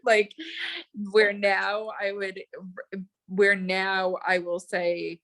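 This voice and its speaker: Woman, 40s, podcast guest, casual chat, animated, rambling, mid pitch. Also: extremely slow. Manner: rambling, animated, many restarts.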